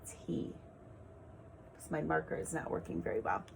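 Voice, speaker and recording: A woman teacher giving an online reading lesson to young children, speaking in a clear, sing-song way and spelling words out letter by letter. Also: deep voice, big pitch swings, fast, heavy background noise.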